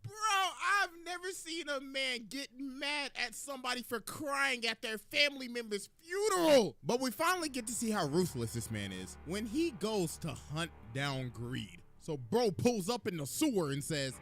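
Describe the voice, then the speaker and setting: A man giving casual anime commentary in an animated, profane way, laughing often. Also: extremely high pitch, normal speed, hardly any pauses. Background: background music.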